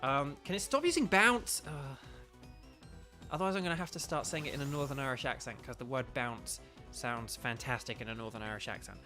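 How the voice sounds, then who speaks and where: A man's voice: medium pitch, brisk, pushed and bright, soft background music. A young man chatting casually with his stream viewers while playing a game, rambling with lots of fillers. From United Kingdom. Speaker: gaming streamer.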